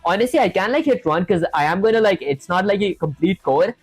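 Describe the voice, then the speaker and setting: Brisk and lively, this high-sitting male voice has a breathy edge, with no echo and soft music in the background. He codes on a live stream, reasoning aloud through plenty of fillers, often saying "honestly" and "that said," and answers viewer chat by reading it out.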